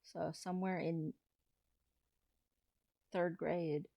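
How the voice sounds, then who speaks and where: A trans man in his thirties, talking through a personal confessional vlog in a low-key, hesitant way with frequent restarts. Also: little pitch movement, extremely slow, vocal fry, dark tone, no echo. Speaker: vlogger.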